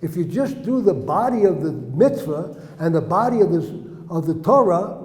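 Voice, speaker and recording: A man's voice: sits high, big pitch swings, normal speed, darkish tone. A man giving an earnest storytelling lesson to a group of young men, acting out the dialogue in his stories. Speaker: religious teacher. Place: indoor room with young listeners. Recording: roomy hall reverb.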